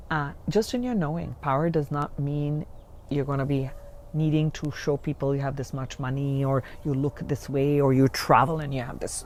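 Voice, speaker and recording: A woman giving a general spiritual reading to her viewers, chatty and rambling, who often checks in with "okay?" and moves between hushed and excited moments. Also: low voice, slight background noise. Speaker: spiritual card reader.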